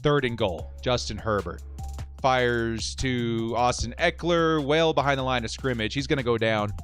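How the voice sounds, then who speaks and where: A man hosting a live sports watch-party stream, cheering loudly one moment and muttering nervously the next. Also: medium pitch, normal speed, faint music behind. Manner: excitable, swings from loud cheering to quiet nervous muttering.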